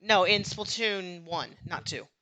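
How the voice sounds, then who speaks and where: A young host chatting casually about a video game on a podcast, tripping over words and restarting sentences while trying to explain. The voice is bright and forward, with ordinary pitch. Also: unhurried. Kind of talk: casual gaming chat.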